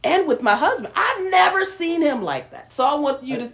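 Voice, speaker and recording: A woman hosting a podcast, telling a personal testimony in animated, casual storytelling that breaks into laughter. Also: high voice, normal speed. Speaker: podcast host. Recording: lo-fi sound.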